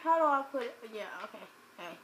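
A woman giving let's play commentary as a gaming channel host, chatting to viewers and bursting into loud exclamations. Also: high voice, sing-song, a little fast, a little hiss or hum. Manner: chats directly to viewers.

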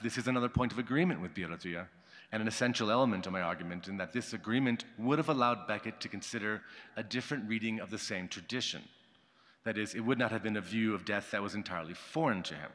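A man giving a conference talk, reading a prepared academic paper in a formal, measured way and marking quotations aloud. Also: lowish voice, fairly bright tone. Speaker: conference speaker. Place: conference hall. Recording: long hall reverb.

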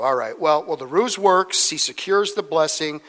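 A man's voice: fairly high pitch, lively intonation, normal speed, few pauses, a bit bright, in a large hall. A male pastor teaching verse by verse, moving between scripture readings and conversational, joking asides. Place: church sanctuary.

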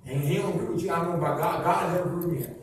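A man's voice: a little high, very fast, slight background noise. A man preaching a sermon as pastor, in a sing-song preacher's cadence full of repeated questions. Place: church sanctuary. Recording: echoey church from far off with loud music.

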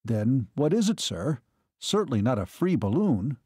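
Give me a man playing a respectful chief of staff, quiet answers. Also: medium pitch, sing-song, moderate pace, slightly rough, no room sound, studio quality. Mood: deferential. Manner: deferential, quiet sir. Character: deferential male chief of staff.

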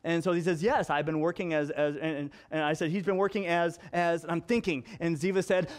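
A male pastor preaching a storytelling sermon, animated and acting out dialogue with playful voices. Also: on the high side, fairly quick.

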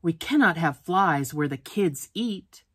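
A grumpy male lunchroom boss from a children's picture book, voiced by a woman reading aloud. He sounds stern and drawn out, in a lowish voice. The room is dry. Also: expressive, takes it slowly, breathy edge, no room sound, heavily acted.

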